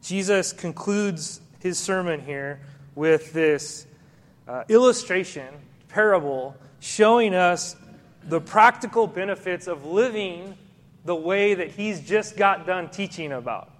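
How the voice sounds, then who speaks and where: A man's voice: high-pitched, lively intonation, slow pace, long reverb tail. A man preaching a sermon as pastor, speaking in a conversational way and putting questions to the congregation.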